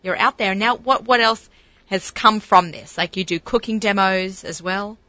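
A woman's voice: medium pitch, moderate pace, pushed and bright, no room sound, dull audio. A middle-aged woman hosting a radio talk show, chatting with enthusiasm and many fillers and restarts. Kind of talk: casual chat.

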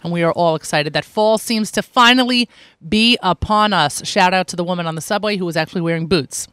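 A woman's voice: fairly low pitch, fairly quick, a bit bright, clean tone, dry recording. A woman hosting a morning radio show in an upbeat, chatty way, speaking into a studio microphone. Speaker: radio host.

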